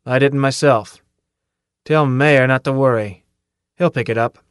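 A man's voice: mid-range voice, unhurried, smooth, no room sound, clean studio sound, lightly acted. A man voicing a tough, cocky male drill sergeant who barks and taunts his recruits in an audiobook. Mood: sardonic. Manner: barking, taunting commands.

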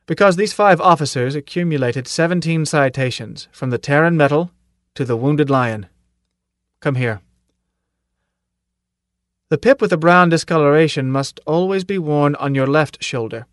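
A man voicing a stern, gruff older military commandant in an audiobook, speaking in a clipped, authoritative way and firing off pointed questions. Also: mid-range voice, no room sound, studio quality, lightly acted. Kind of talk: audiobook character reading.

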